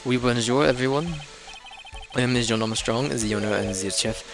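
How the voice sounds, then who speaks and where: A man's voice: mid-range voice, moderate pace, natural voice. A man voicing a flamboyant male French chef in a put-on French accent, with game music behind. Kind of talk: reading game dialogue aloud.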